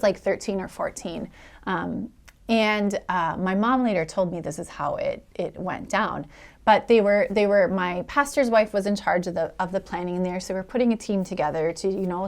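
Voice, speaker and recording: A woman's voice: medium pitch, creaky. A middle-aged woman pastor, giving a sermon in a conversational storytelling way that slips into quoted voices. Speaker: executive pastor.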